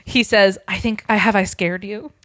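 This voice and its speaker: A woman podcast host reading a fan fiction story aloud, voicing the dialogue in a hushed, deadpan way. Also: mid-range voice, normal speed. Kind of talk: casual reading aloud with chat.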